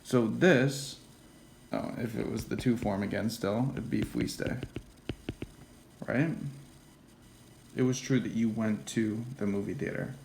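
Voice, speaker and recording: A man giving a casual classroom lecture, often checking in with "okay?" and "right?" and dropping into quiet whispered asides. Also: lowish voice, fairly even intonation, takes it slowly, creaky, long pauses, noisy background. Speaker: teacher.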